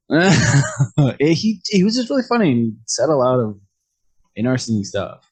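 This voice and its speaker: A man's voice: mid-range voice, big pitch swings, a little slow, a little mellow, slightly rough. A man as a podcast guest in casual chat, easygoing, dropping chuckling asides and short backchannels.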